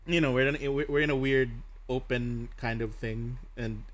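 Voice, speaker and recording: A man's voice: mid-range voice, measured pace. A young man chatting casually as a streamer host, telling stories with lots of laughter and acted-out quotes. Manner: laughs often, animated storytelling with voiced quotes. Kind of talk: casual chat while drawing.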